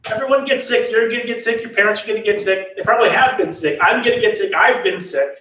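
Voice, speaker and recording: A man's voice: on the high side, normal speed, reverberant, far from the mic, poor audio. A man doing a patient, matter-of-fact servant. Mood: explaining. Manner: flat, explaining tone.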